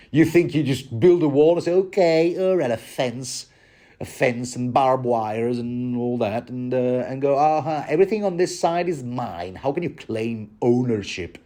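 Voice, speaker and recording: A man's voice: medium pitch, a little slow, dark tone, close to an everyday voice. A man voicing a feisty young wildling woman who teases and scolds. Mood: mocking. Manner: teasing, scolding.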